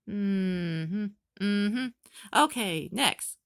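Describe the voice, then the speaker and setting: A woman fan reviewer giving a casual recap. She is excitable and rambles with lots of fillers. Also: medium pitch, slow pace, no room sound, studio quality.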